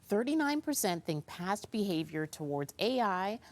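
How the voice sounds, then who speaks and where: A woman hosts a morning television show from a studio couch. She chats in a bright, easygoing way and laughs along with her guests. Her voice sits at an ordinary middle pitch. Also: sing-song, normal speed. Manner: bright, chatty, laughs often. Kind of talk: casual studio chat.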